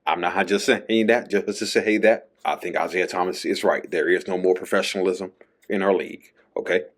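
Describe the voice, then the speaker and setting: A man's voice: sits low, fairly even intonation, moderate pace. A man hosting his own show, talking through a casual solo monologue and tagging his points with a questioning "okay?". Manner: chatty, tags lines with "okay?". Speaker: podcast host.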